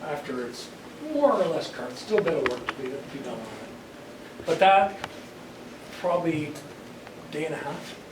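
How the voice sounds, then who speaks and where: An older man gives a casual hands-on demonstration to a club, explaining each step and often tripping over repeated words. His voice sits a touch higher than most men's and is picked up from a distance. The echoey meeting room has steady noise behind him. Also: moderate pace, pauses often. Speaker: club presenter. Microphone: room mic far from the speaker.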